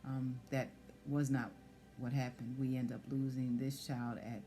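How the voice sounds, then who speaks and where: A woman sharing a personal testimony in conversation, soft-spoken and hesitant with many fillers. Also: very deep voice, level tone, measured pace. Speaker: guest sharing pregnancy loss story.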